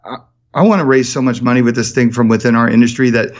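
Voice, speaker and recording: A man guesting on a podcast, telling stories in an energetic, animated way. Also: medium pitch, highs cut off. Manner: energetic storyteller, rapid and animated. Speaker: podcast guest, charity founder. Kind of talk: casual podcast conversation.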